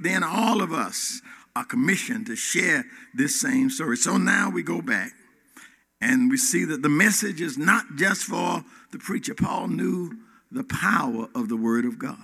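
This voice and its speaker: A man preaching a sermon in a church, swinging between loud rises and quiet drops and calling out to the congregation. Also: a little high, gravelly. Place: church hall. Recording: reverberant hall.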